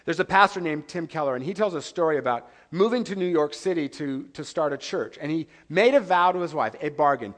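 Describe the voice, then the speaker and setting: A man's voice: a little high, expressive, a little fast, hardly any pauses. A man preaching a sermon as pastor, earnest and conversational, with rhetorical questions to the congregation.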